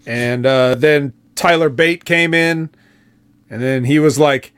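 A man's voice: medium pitch, takes it slowly, fairly bright tone, clean tone. A man co-hosting a wrestling review podcast, recapping events in a laid-back way with fillers. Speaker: podcast co-host.

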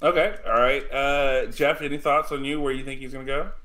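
A man hosting a casual wrestling podcast, halting with many ums as he puts questions to the panel. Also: mid-range voice, fairly even intonation, sharp tone. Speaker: podcast host. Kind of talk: casual chat.

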